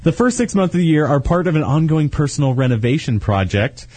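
Joking man with a husky voice. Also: fairly high pitch, expressive, a little fast, a little mellow, no room sound. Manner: joking, laughs often, stumbles while reading. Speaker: podcast host. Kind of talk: casual chat, reading horoscopes aloud.

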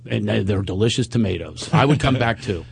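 Lively, husky-voiced male radio host. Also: fairly low pitch, a little fast. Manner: animated, laughing storyteller acting out quotes. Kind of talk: casual storytelling chat.

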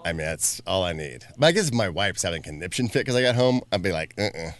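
Low-voiced guy co-hosting, joking around, voice goes up and down a lot. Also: fast talker. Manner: joking, animated storyteller. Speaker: radio show co-host. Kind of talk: casual banter.

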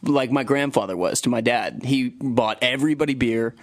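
A man's voice: mid-range voice, normal speed. A man chatting on a radio show, loose and casual, full of filler words.

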